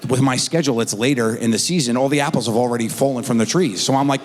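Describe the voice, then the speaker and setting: Animated man doing stand-up in a hall. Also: fast talker, few pauses. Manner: animated, acts out his kids in high squeaky voices. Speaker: stand-up comedian. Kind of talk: stand-up comedy storytelling. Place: theater stage before a live audience. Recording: stage mic in a large reverberant hall.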